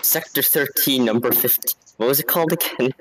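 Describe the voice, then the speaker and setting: A man's voice: mid-range voice, fairly quick, poor audio. A man chatting casually as a player in a tabletop game, laid-back and explaining step by step.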